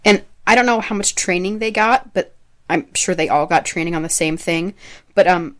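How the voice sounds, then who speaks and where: A young woman with a fairly low voice co-hosts a casual podcast chat. She talks in a loose, rambling way, laughs easily and often trails off mid-sentence. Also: moderate pace, a bit bright. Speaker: podcast co-host.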